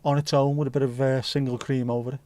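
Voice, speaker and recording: Quick-paced and mellow, a medium-pitched male voice with little pitch movement comes through with no room sound. The speaker is a Scouse livestream host, reading viewer comments casually, rambling, joking and swearing freely.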